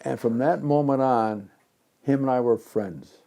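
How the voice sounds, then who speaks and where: A gravelly, dark-toned man in his nineties from Chicago, reminiscing in an interview. He rambles through his memories with animation and slips into the voices of the people he describes. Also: medium pitch, a little slow. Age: 90s. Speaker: interviewee, retired pinball designer. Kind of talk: reminiscing storytelling.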